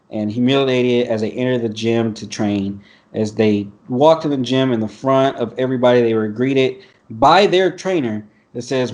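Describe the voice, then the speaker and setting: Here a man with a mid-range, darkish voice runs a laid-back podcast over video call. Reading from an article, he responds with blunt profanity and frequent laughter.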